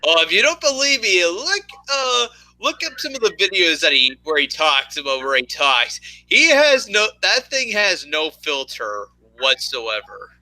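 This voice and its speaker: Lively, very bright-voiced young man. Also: high-pitched, unhurried, few pauses, no echo, rough recording. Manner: rambling, animated storytelling with many restarts. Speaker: podcast co-host. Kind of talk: casual chat.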